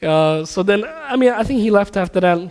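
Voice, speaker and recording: Fast, high-voiced man in an echoing hall. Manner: storytelling, laughing, animated asides. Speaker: teacher at a mosque. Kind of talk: casual religious class talk. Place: mosque hall. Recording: hall reverb.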